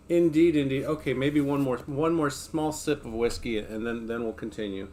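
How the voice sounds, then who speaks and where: A man's voice: mid-range voice, a little slow, darkish tone, slight background noise. A man streaming casually, joking with his viewers and reading a book aloud between chats. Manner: laid-back, joking, talks to chat between passages.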